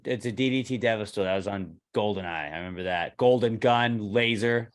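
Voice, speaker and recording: A young man co-hosting a podcast, telling animated stories with plenty of swearing. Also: on the low side, a little fast. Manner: animated storyteller, swears freely, acts out quoted exchanges. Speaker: podcast co-host. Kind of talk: casual podcast banter.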